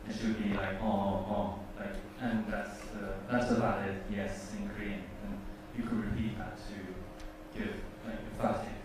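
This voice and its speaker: A man in the audience asking a hesitant question, halting and restarting often. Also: fairly low pitch, level tone, noisy background. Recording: far from the mic in an echoey hall.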